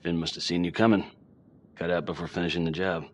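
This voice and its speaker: A man playing a brisk police sergeant. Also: sits low, flat delivery, slight background noise, lightly acted. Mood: placating. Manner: placating, brisk. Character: weary male police sergeant.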